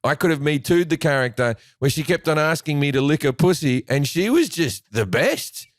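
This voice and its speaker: A man's voice: a little high, animated, normal speed, no echo, clean studio sound. Profane man telling stories. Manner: profane storyteller, restarts phrases, acts out quoted voices. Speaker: podcast guest, comedian. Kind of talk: casual chat, anecdote telling.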